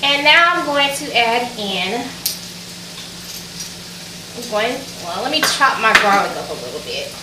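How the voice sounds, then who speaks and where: A woman's voice: fairly high pitch, very animated, a little slow, long pauses, recorded from a distance, heavy background noise. Bubbly Southern woman cooking in an echoey kitchen. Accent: Southern US, Alabama. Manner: bubbly, chatty, talks straight to viewers. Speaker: cooking vlogger. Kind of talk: casual cooking tutorial chat. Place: home kitchen, at the stove. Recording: echoey kitchen, mic set back, sizzling pan. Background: frying and sizzling food.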